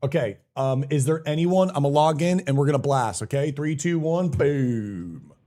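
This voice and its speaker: A man's voice: fairly high pitch, lively intonation, moderate pace, dark tone. A young man live-streaming a game, chatting casually, greeting viewers by name and swearing now and then in a hyped-up way.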